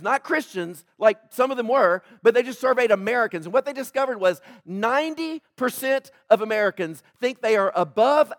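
Guy preaching, pretty high voice, goes big then drops to quiet jokey asides, dry close sound. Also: dry recording. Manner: animated, swinging between loud declarations and soft joking asides; addresses the congregation with questions. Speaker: pastor. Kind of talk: sermon.

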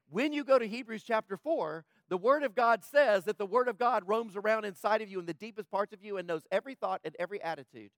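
This impassioned sermon comes from a male pastor whose voice sits high, moving back and forth between urgent, loud moments and quiet, hushed ones. The sound is dry and close-miked, without any echo.

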